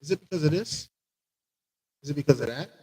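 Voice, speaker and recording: A high-pitched man hosts a casual live stream from home, rambling and repeating lines as he greets viewers by name. His voice sits close and dry on the mic, with little room sound. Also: brisk, darkish tone, husky, dry recording, poor audio. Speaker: aquarium channel host.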